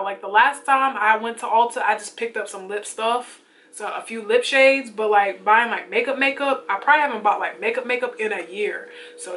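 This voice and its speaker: A young woman chatting casually and excitedly about her makeup while she gets ready at home, full of slangy asides. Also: medium pitch, slight background noise. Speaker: beauty vlogger. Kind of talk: casual get-ready-with-me chat.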